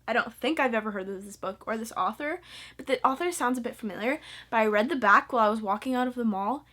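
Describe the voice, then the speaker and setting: A young woman chatting casually about books to her camera, bubbly and excitable, full of fillers and eager asides. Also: on the high side, quick pace. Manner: bubbly and excitable, lots of fillers, squeals and laughs. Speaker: book vlogger. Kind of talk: casual chat.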